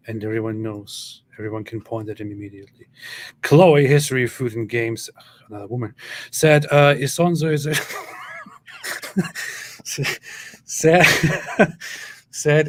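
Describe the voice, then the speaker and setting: A middle-aged man co-hosting a live stream, chatting casually in an easygoing way, thinking aloud and often repeating himself. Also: mid-range voice. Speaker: livestream co-host.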